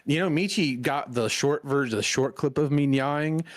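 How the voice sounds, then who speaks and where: A man's voice: medium pitch, normal speed, dry recording. A man co-streaming in casual chat, teasing, laughing and stammering on a headset.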